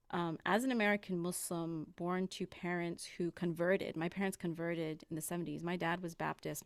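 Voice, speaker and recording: A woman hosting a podcast, telling stories in a casual, animated way and acting out the voices she quotes. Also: fairly low pitch, vocal fry, no echo, clean studio sound. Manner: animated storyteller, acts out quoted voices, laughs often. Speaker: podcast host. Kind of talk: casual conversation.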